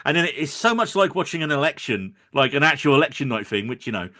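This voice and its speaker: A man's voice: medium pitch, quick pace. A middle-aged man co-hosting a podcast, reviewing films in casual joking chat. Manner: joking, animated, quotes others in mock voices. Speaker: podcast co-host.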